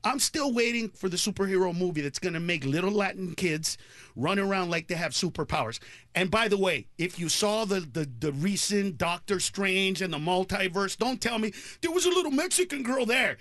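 A middle-aged male comedian telling animated, ranting stories as a radio show guest, laughing at his own jokes. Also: high voice, moderate pace, no room sound.

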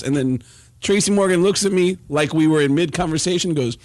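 A middle-aged man, a comedian, telling animated stories full of impressions in casual chat. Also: on the high side, fast talker, dry recording, studio quality. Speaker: comedian and podcast co-host.

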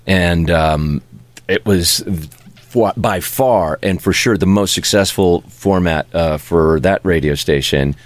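A man's voice: sits low, slow, no room sound. A man co-hosting a casual chat who tells a detailed story from radio history.

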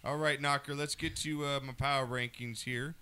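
A man hosting a casual sports podcast, joking and excitable, often laughing as he talks. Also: medium pitch, moderate pace, smooth. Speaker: podcast host.

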